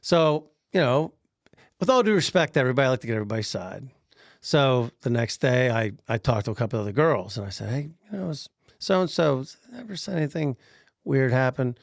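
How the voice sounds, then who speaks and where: Animated gravelly man telling a story. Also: medium pitch, fairly quick, no echo, studio quality. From Pennsylvania. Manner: animated, laughs often, acts out quoted voices. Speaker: grocer telling a workplace story. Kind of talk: casual podcast storytelling.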